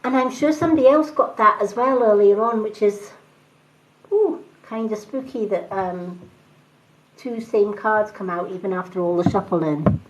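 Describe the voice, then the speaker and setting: Here the tarot reader talks at normal speed in a mid-range voice, her Scottish accent mixed with other British tones. She keeps the live-stream card readings chatty and thanks her viewers along the way. Sound is lo-fi and dull, carrying faint noise.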